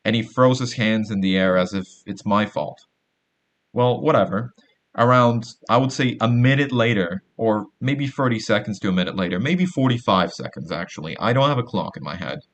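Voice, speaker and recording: A man's voice: fairly low pitch, moderate pace. A young man hosting a podcast, telling a long digressive story with a sardonic edge and acting out the people he quotes. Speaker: podcast host. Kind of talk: rambling storytelling monologue.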